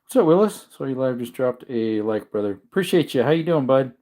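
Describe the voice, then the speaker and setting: A tired man hosts a casual livestream and talks loosely to his viewers. He rambles, stops, and corrects himself as he goes, with a yawning, low-energy manner. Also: a little fast. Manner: rambling, self-correcting, relaxed. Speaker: livestream host.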